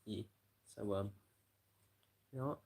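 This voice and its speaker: A British man with a fairly low, gravelly voice talks to his live stream in a loose, rambling way. He swears freely and keeps dropping in "you know" as he goes. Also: measured pace, background noise. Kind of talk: rambling casual livestream chat.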